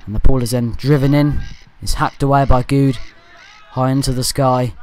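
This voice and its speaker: A man giving casual voice-over commentary for a fan channel. He rambles and jokes, with off-topic asides and quick self-corrections. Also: medium pitch, steady tone, a little mellow.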